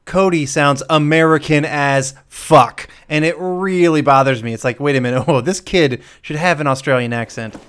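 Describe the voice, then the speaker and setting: A man hosting a podcast and breaking down a movie in casual chat, blunt and quick to swear. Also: fairly high pitch, fairly bright tone, clear, resonant tone. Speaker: podcast host.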